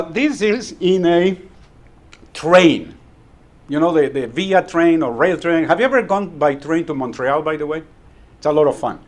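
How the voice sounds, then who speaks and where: A man giving a humorous speech at a club meeting. He tells stories and chuckles at his own punchlines. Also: a little high. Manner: storytelling, chuckles at own jokes, repeats words when restarting. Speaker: Toastmasters club speaker.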